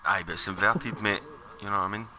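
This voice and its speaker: A man's voice: on the low side, steady tone, quick pace, noisy background. A man streaming a game, chatting casually with other players, blunt and joking with plenty of swearing. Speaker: gaming livestreamer. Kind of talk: casual party chat while gaming.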